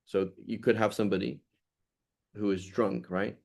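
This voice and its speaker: Low gravelly guy teaching an old legal text, chatty, keeps restarting, reads passages fast. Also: a little mellow. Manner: conversational, with many restarts and fillers; reads classical passages aloud quickly before explaining. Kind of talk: explaining a classical legal text.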